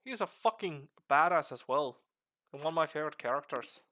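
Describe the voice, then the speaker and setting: A man lecturing on a livestream in a put-on Irish accent that slips toward Scottish, excitable and swearing. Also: brisk. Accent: put-on Irish, slipping into Scottish. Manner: excitable, swearing, sudden pitch jumps. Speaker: streamer giving a lore lecture.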